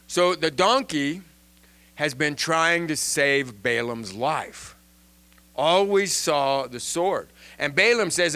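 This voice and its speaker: A man giving an informal Bible lesson in an animated way, often restarting and repeating words. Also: on the high side, slow, clear, resonant tone. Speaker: Bible teacher.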